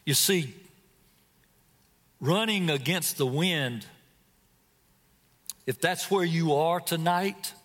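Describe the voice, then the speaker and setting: A man with a high voice delivers a sermon slowly and deliberately as a guest preacher. He retells a scripture story dramatically and puts direct questions to the congregation. His voice rings with a long reverb from a large hall. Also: expressive, fairly bright tone.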